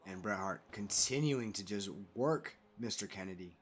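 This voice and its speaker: A man giving casual, animated play-by-play commentary over a wrestling video game he is playing, calling players "brother". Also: fairly low pitch, moderate pace. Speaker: gaming commentator.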